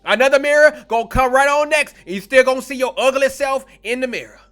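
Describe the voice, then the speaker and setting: A man preaching a fiery online sermon, blunt, confrontational and profane, slowing down to stretch key words for emphasis. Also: very high-pitched, fairly bright tone, faint music behind.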